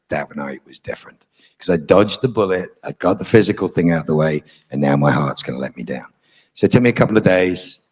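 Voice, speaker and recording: A middle-aged man with a low, husky voice is a guest on a convention panel, telling a live audience a story in a frank, profane, dryly humorous way.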